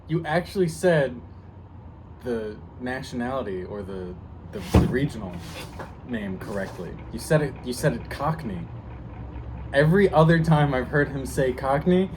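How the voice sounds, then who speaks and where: A man's voice: mid-range voice, animated, unhurried. Young guy teasing his buddy, dry jokes, noisy background. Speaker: co-host of a script reading video. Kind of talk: casual banter. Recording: noticeable background noise.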